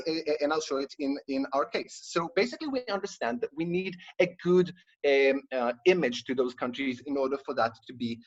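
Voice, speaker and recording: A man's voice: on the high side, breathy edge. A man giving a competitive debate speech over a video call, arguing his case with many fillers and restarts. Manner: argumentative, frequent fillers and restarts. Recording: dull lo-fi online call audio.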